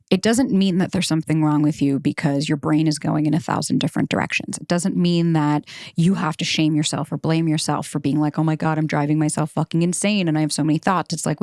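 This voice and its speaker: A woman in her thirties, a dating coach, talking candidly to listeners in a casual monologue, swearing freely with animated bursts. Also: low-pitched, vocal fry, dry recording, clean studio sound. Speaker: dating coach and podcast host.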